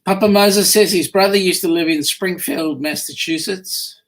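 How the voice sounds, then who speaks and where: A man's voice: high voice, moderate pace, a bit bright. Laid-back New Zealand man co-host. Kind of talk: casual chat reading viewer comments.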